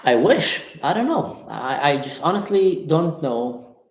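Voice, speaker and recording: A man's voice: a little high, very animated, unhurried, roomy sound. An impassioned man hosting a live talk, reading viewers' comments and answering them emphatically. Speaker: livestream host. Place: Germany.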